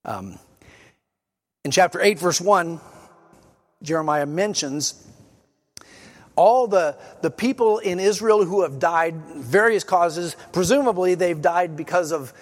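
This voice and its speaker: A man's voice: high voice, slow pace, long pauses, long reverb tail. A man preaching a sermon, explaining scripture in an earnest teaching manner and reading passages aloud with emphasis. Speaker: pastor.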